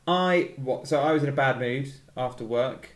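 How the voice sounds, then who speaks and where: Teasing man in an echoey room. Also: medium pitch. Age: 30s. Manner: wry, teasing, quick asides. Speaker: podcast host. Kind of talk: casual film chat. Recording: roomy echo.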